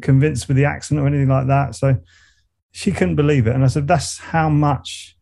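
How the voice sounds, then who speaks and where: Gravelly Surrey-accented man, reflective. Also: mid-range voice, steady tone, normal speed, warm tone. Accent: Surrey English. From England. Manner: reflective, rambling, frequent restarts and laughs. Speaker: guest, meditation coach and musician. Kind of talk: casual interview conversation.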